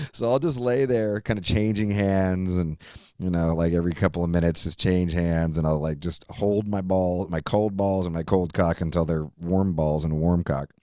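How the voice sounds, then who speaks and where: A deep-voiced man in his fifties hosts a podcast and tells a rambling personal story, full of swearing and frequent laughter. The sound is dry and close, with no room around it. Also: a little mellow, dry recording. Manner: rambling, profane, laughs often. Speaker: podcast host. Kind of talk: casual storytelling chat.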